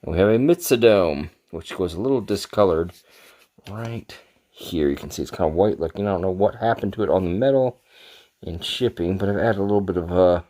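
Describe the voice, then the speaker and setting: A man's voice: low voice, darkish tone. A man talking casually on camera as he shows off his swords, rambling and poking fun at himself. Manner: rambling, self-deprecating, chuckles at himself. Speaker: sword collector reviewing his gifts. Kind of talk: casual show-and-tell vlog.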